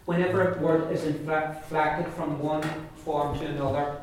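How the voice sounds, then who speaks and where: A man teaching a pronunciation class, repeating words slowly for students to drill. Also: a little high, little pitch movement, slight background noise. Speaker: Irish language teacher. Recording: echoey room, distant mic.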